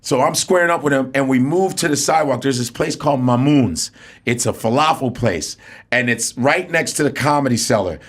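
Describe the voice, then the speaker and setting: A comedian guest telling a casual, animated story and acting out the people in it. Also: male voice, mid-range voice, a little fast. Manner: animated, acts out the people in his stories.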